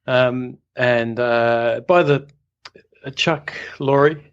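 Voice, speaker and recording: A man's voice: medium pitch, fairly even intonation, drawn-out words, clear, resonant tone, highs cut off. A man co-hosting a writing podcast, telling a story casually with many hesitations. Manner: rambling storyteller, hesitant fillers, chuckles. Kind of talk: casual anecdote.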